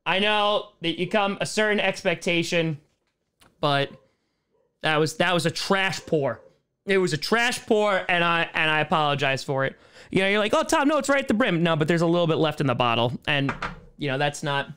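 A man's voice: a little high, fairly quick, pushed and bright, clear, resonant tone. A man in his thirties hosting a casual live-streamed Q&A from home, joking, sarcastic and riffing on viewer comments. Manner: jokey, sarcastic, reads chat aloud and riffs on it.

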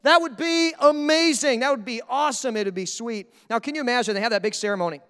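A male pastor preaching a sermon in a lively, conversational way, often checking in with "right?". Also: very high voice, fast talker, clean tone. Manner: energetic, conversational preaching with frequent "right?" asides. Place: church. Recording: echoey church hall.

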